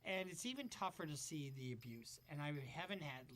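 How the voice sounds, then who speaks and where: A man's voice: fairly high pitch, expressive, a little fast, noisy background. A man hosting casual reaction commentary, talking bluntly and profanely as he thinks aloud. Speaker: commentary host.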